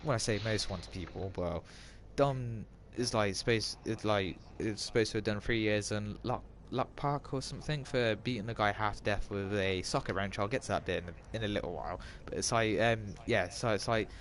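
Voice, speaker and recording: A man's voice: fairly low pitch, moderate pace, hardly any pauses. A man gives casual gameplay commentary, retelling a film in a rambling way full of restarts and asides. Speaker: gamer retelling a film while playing. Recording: loud car and game noise behind.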